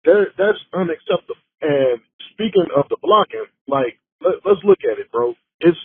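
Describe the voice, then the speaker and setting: A man's voice: on the high side, lively intonation, normal speed, breathy edge, no echo. A man in his thirties leaving a heated, slangy voicemail for a sports show, exasperated with the players. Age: 30s. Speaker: caller. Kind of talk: casual voicemail rant. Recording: tinny phone voicemail.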